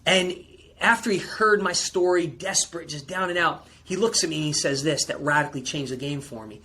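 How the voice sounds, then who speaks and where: A man's voice: fairly high pitch, a little fast, slight background noise. A man who is a performance coach, telling a personal story with intense, rising emotion as a podcast guest. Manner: intense, rising to near-shouting peaks, calls listener bro.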